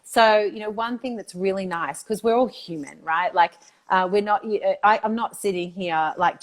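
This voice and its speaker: A middle-aged woman, chatting enthusiastically as an interview guest, full of "like" and "you know". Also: fairly low pitch. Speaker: guest, institute founder. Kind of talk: casual interview chat.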